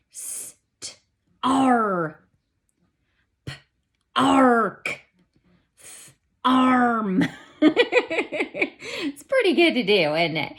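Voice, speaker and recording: A woman's voice: medium pitch, sharp tone. A woman teacher giving a recorded video lesson to young children, counting and spelling aloud in an encouraging, singsong way.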